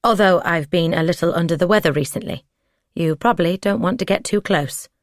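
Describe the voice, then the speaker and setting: A woman's voice: lowish voice, brisk, no echo, studio quality, natural voice. A woman voicing a nervous, polite older man in an audiobook reading. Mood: flustered. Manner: polite, hesitant. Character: nervous older male neighbour, flustered.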